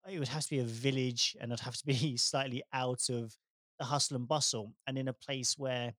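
A man's voice: mid-range voice, steady tone, brisk, a bit bright, no echo, studio quality. A man co-hosting a casual chat, speaking reflectively with lots of "you know"s and easy laughter. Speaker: podcast co-host.

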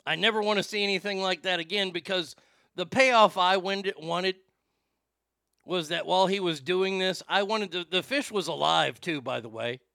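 A man's voice: sits high, gravelly, pushed and bright, no echo. A man hosting a live stream, ranting crudely to his chat with incredulous outbursts and stammered restarts. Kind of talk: crude comedic rant to chat.

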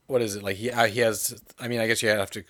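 A man in a casual film discussion, relaxed and agreeable with some casual swearing. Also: fairly low pitch, quick pace, no room sound.

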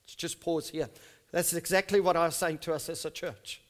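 A man in his fifties preaching a sermon to his church, reading scripture slowly and emphatically, then dropping his voice to soft asides. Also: fairly high pitch, steady tone. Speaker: pastor. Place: church service.

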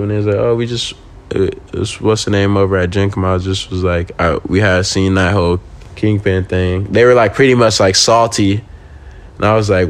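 A man's voice: lowish voice, normal speed. A young man, a pro skateboarder and podcast guest, telling a casual story with lots of swearing and acting out what he said back then. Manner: animated, profane, acts out his own quoted lines.

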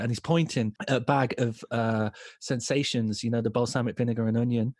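An Irish man hosting a podcast, telling an absurd story deadpan and checking in with "right?". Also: medium pitch, fairly quick, no room sound, studio quality. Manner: rambling deadpan tall tale with many "right?" checks. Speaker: podcast host. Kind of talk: comedic storytelling.

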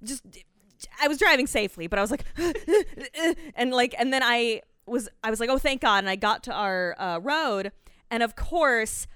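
Young woman, casual chat, higher voice, smooth tone, animated, swears, acts out her own quotes. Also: moderate pace, no room sound, studio quality.

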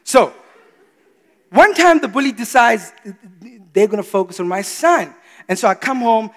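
A man in his thirties preaching a sermon, animated, swinging between quiet confiding asides and loud exclamations. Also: high voice, normal speed. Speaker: pastor. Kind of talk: sermon with storytelling. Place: church. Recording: reverberant church hall.

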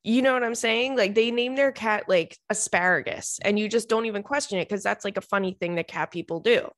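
A young woman with a medium-pitched, slightly bright voice tells funny stories to her viewers at a brisk pace. Chatty and laughing often, she swears freely and keeps saying "girl" and "like" as she talks to the camera.

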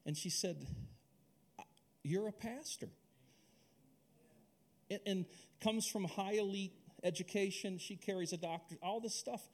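A middle-aged male pastor from Alaska preaching a sermon, telling a personal story in an animated, conversational way with many restarts. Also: sits high, a little slow, long pauses.

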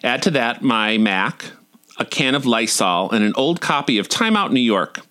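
A man's voice: medium pitch, lively intonation, moderate pace, sharp tone. A man in his forties reading his personal essays aloud in a wry, dryly comic way. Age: 40s. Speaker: storyteller.

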